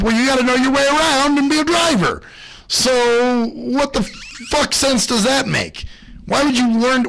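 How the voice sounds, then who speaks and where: A man's voice: husky, low-quality recording. A man hosting his own radio show, talking in a loose, rambling monologue full of swearing and gripes. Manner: profane, ranting, lively swings in pitch.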